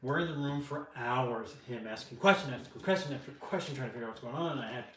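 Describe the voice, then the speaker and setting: Man, calm, matter-of-fact, roomy echo, some distance from the mic, faint noise behind. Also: mid-range voice, quick pace. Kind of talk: casual conversation.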